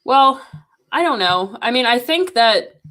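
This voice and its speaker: A woman's voice: a little high, lively intonation, unhurried, bright, forceful tone. A woman appearing as a podcast guest, giving her views in a frank, matter-of-fact way. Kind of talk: casual chat.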